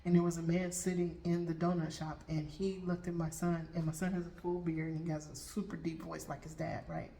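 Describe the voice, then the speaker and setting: A woman's voice: on the low side, level tone, brisk, few pauses, dark tone, slight background noise. A middle-aged woman, a Reiki master and tarot reader, telling spiritual stories to viewers and checking in with "okay?" after nearly every point. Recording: roomy room with faint background ambience.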